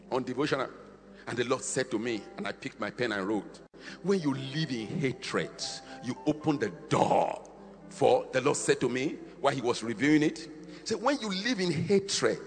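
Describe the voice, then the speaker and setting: A man preaching a fiery sermon, swinging between shouted, half-sung peaks and quieter, slower stretches. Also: mid-range voice, in a large hall.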